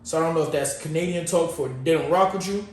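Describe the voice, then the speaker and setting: A man's voice: a little high, fast, distant mic. A man co-hosting a podcast in casual chat, rambling and slangy in a laid-back way. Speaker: podcast co-host. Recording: echoey room, off-mic, faint noise.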